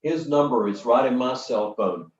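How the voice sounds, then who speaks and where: An older man leading a storytelling workshop, talking to a live audience in a folksy, lively way with dramatic pauses. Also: medium pitch. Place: workshop hall. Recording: roomy, distant, dull sound from the back of a hall.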